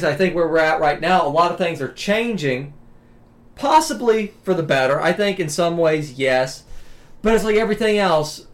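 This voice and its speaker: Man, high voice, podcast co-host, casual chat, thoughtful.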